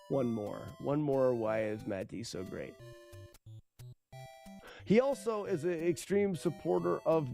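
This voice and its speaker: A man's voice: medium pitch, a little mellow. A man streaming a game and commenting casually, rambling and self-mocking, often laughing and swearing. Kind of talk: casual live gameplay commentary.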